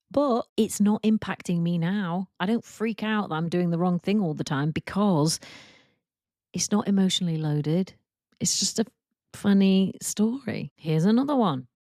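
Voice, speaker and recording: A woman hosting a casual solo podcast, telling embarrassing work stories and acting out quotes in a higher voice, laughing at herself. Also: no echo, clean studio sound. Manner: animated, acts out quotes in a higher voice. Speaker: podcast host and work confidence coach.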